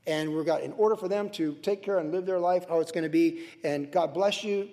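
Emotional high-voiced older pastor preaching. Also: male voice, brisk, in a large hall. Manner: emotional, earnest preaching with swings from soft to loud. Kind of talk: sermon. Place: church sanctuary.

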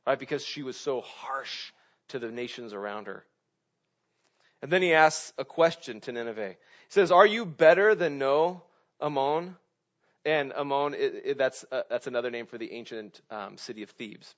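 A man's voice: medium pitch, normal speed, lo-fi sound. Man preaching, chatty and full of "right?". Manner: conversational preaching, frequent "right?" asides, swings from loud to hushed. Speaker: pastor. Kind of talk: sermon.

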